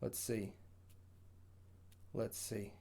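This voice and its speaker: A man's voice: fairly low pitch, level tone, extremely slow, creaky, dark tone. A man from Bosnia with a Bosnian accent, hosting a casual gaming livestream and answering viewer questions in an upbeat, rambling way with frequent restarts.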